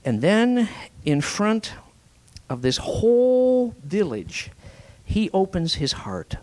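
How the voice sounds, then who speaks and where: A fairly high-voiced man preaching with great animation, his pitch leaping up and down from phrase to phrase. He moves between forceful emphasis and near-whispered lines. He keeps asking the congregation rhetorical questions. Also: very animated, takes it slowly. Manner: dramatic, swinging from forceful emphasis to hushed whispers. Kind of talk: sermon.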